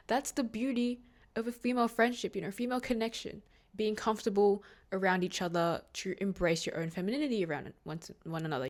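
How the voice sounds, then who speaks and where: A nineteen-year-old woman hosting a solo podcast, talking in a rambling, heartfelt way with lots of fillers and restarts. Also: mid-range voice. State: near tears at moments, emotional. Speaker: podcast host. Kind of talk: casual solo podcast monologue.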